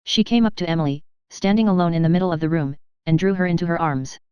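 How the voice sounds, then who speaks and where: Low, smooth-voiced woman, measured storytelling, slightly muffled recording. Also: a little mellow, no room sound. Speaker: audiobook narrator. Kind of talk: scripted narration.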